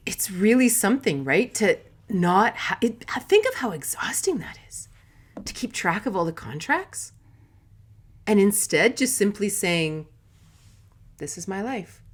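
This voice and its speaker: A middle-aged woman hosting a casual live talk, chatty and quick to laugh, with lots of "like" and "right?". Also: mid-range voice, very animated, husky. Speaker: host.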